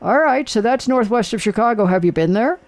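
A man's voice: extremely high pitch, expressive, brisk. An older man hosting a casual talk show, rambling and chatty with lots of fillers. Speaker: radio host. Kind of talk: casual chat.

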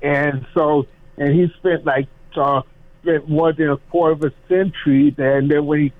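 A man calling in as a guest who talks haltingly and hesitantly. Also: on the high side, steady tone, dry recording. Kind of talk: casual chat. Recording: dry, tinny phone line.

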